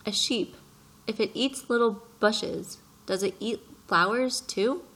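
A woman's voice: on the high side, takes it slowly, a bit bright, slightly rough, heavily acted. A woman voicing an earnest little boy prince who presses his questions with passion in an audiobook reading. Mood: questioning. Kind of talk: audiobook character voice.

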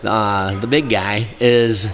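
Casual male storyteller, laughs often, jumps into loud quoted voices. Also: fairly low pitch, steady tone, slow pace. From Buffalo area, US.

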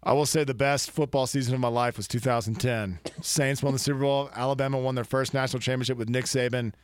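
A man co-hosting a casual sports podcast, rambling and joking with excitement. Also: medium pitch, fast talker, slight background noise. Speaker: podcast co-host.

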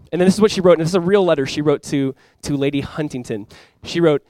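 Young male pastor, high voice, casual and animated sermon delivery, dry close recording. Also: quick pace, few pauses, no room sound. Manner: animated, with sudden loud bursts and quiet asides; casual, conversational preaching with fillers and restarts. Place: church.

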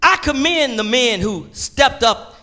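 A man's voice: very high-pitched, animated, measured pace, bright, forceful tone. A middle-aged man preaching a sermon in an emphatic, folksy way, repeating his key phrases.

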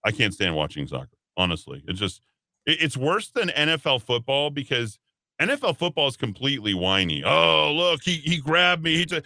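A man's voice: mid-range voice, very animated, a little fast, sharp tone, no room sound, clean studio sound. A man hosting a talk radio show, ranting emphatically and sarcastically, at times putting on mocking voices. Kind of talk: opinionated talk radio monologue. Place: radio studio.

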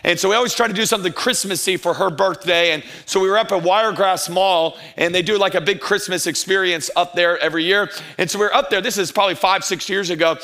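A middle-aged man preaching a sermon as a pastor, telling a funny story with acted-out dialogue, then slowing down to make his point. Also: sits high. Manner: animated, humorous, acts out dialogue, slows for emphasis.

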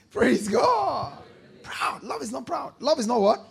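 A male pastor preaching a sermon, repeating key lines, prompting the congregation to answer and bursting into shouts on key points. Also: extremely high pitch, very animated, slow pace, creaky.

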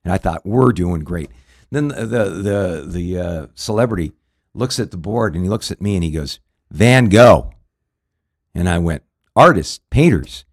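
A man's voice: low voice, lively intonation, moderate pace, slightly rough. A man hosting a radio talk show, telling a story casually with many fillers and restarts.

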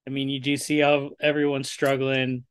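Man, casual podcast co-host, mid-pitched voice, dry close sound. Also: completely flat delivery, normal speed, clean tone, no echo.

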